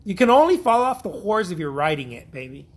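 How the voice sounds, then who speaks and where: A man's voice: high-pitched, sing-song, a little fast. A man from Mexico, an artist giving a blunt, profane, repetitive pep talk in a casual vlog.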